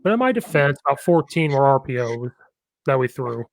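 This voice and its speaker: A man's voice: medium pitch, big pitch swings, brisk, vocal fry, slight background noise. A man hosting a podcast and chatting casually about coaching football, telling rambling stories with a lot of enthusiasm.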